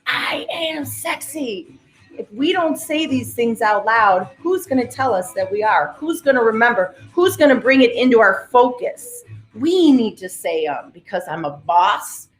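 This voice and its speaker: A woman's voice: medium pitch, expressive, moderate pace, echoey room, rough recording. A woman coach leading a live group through guided breathing and spoken affirmations, with a commanding, motivational delivery. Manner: motivational, commanding, repeats cues. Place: live-streamed session in a roomy space.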